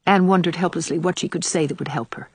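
Breathy, low-voiced woman reading a story. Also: quick pace, dry recording. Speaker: audiobook narrator. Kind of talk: scripted narration.

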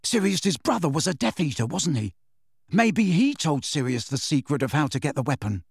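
A man voicing a nervous, hesitant teenage boy wizard who speaks weakly and quietly, in an audiobook reading. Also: on the high side, very animated, normal speed, creaky, husky, dry recording, studio quality, exaggerated voice. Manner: weak, hushed, hesitant.

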